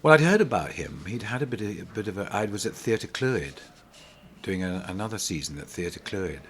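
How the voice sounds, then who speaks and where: A middle-aged man, a pantomime actor, telling animated, rambling stories in an interview, full of restarts. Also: sits low, moderate pace, a little hiss or hum. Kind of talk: casual interview storytelling.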